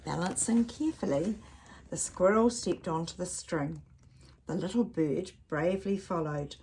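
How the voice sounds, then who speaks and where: A woman reading a picture book aloud to children in a gentle voice, pausing to ask the listener questions. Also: fairly low pitch, a little hiss or hum. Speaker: storyteller.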